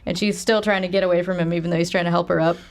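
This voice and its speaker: A woman co-hosting a film podcast, casually recapping scenes with profanity and quick quoted lines. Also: lowish voice, steady tone. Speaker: podcast co-host. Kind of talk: casual film-discussion chat.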